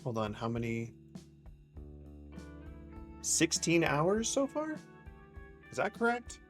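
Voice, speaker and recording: A man's voice: on the high side, wildly swooping pitch, slow pace, faint music behind. A man casually commentating a live game stream, joking with chat and swearing freely. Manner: playful, profane, joking with chat.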